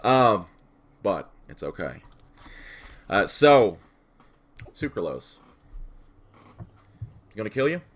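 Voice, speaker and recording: A man co-hosting a casual podcast, scattered and profane, with vocal fry. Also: fairly low pitch, sing-song, takes it slowly, long pauses. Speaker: podcast co-host.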